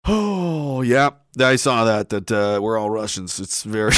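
A man's voice: fairly low pitch, animated, a little slow, few pauses, a bit bright, no echo. A man delivering a casual, profane rant, mocking and laughing often. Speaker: commentator.

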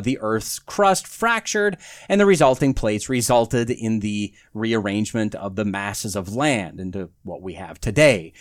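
A man hosting a solo podcast, talking through articles and reading quotes aloud with wry, sarcastic asides. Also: on the high side. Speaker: podcast host.

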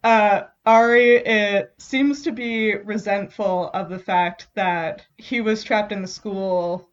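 A woman's voice: mid-range voice, steady tone, takes it slowly, lo-fi sound. A woman co-hosting a podcast, recapping a story in casual chat with wry asides. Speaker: podcast co-host.

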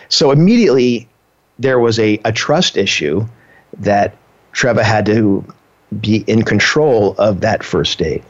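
Husky, low-voiced man, lo-fi. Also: animated. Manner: earnest, measured storyteller with fillers. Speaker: partner in a couple being interviewed. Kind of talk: casual conversation. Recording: dull lo-fi sound.

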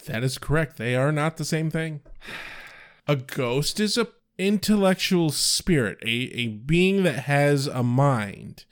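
A man's voice: on the high side, lively intonation, takes it slowly, clean tone. A man co-hosting a casual recap chat, dry and explanatory, swearing casually. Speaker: podcast co-host.

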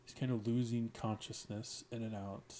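A man on a podcast, retelling one of his stories in a casual, halting way. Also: fairly low pitch, flat delivery, mellow, a little hiss or hum. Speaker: podcast guest, writer. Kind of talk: casual chat, retelling a story.

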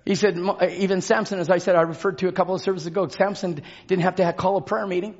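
A man preaching a fervent sermon in a church, shouting and calling out to the congregation. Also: high-pitched, level tone, quick pace, few pauses, muffled recording. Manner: shouting, call-and-response exhortation. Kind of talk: fervent Pentecostal-style sermon. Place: church sanctuary.

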